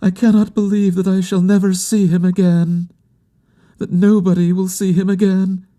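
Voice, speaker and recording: A heartbroken young woman cries out in denial, her voice pitched high and pushed a touch louder, as a deep-voiced man puts her on. She sounds anguished and pleading. It is a character voice in a slow audiobook reading. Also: level tone, natural voice. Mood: grieving. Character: grief-stricken young woman mourning her lost love.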